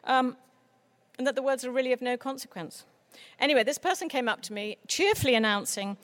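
Higher-voiced woman giving an earnest talk. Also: fairly quick, no room sound. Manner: earnest, expressive speaker with mock voices for quoted people. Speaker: children's author. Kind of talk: conference talk.

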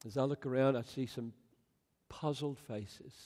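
A man preaching a sermon in a large hall, swinging from loud exclamations to soft near-whispers. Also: mid-range voice, fairly even intonation, measured pace. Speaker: pastor. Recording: long hall reverb.

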